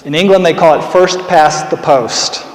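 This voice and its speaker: A man's voice: a little high, moderate pace, reverberant, long reverb tail, rough recording. A man, a political candidate, giving earnest documentary narration and commentary with dry humor.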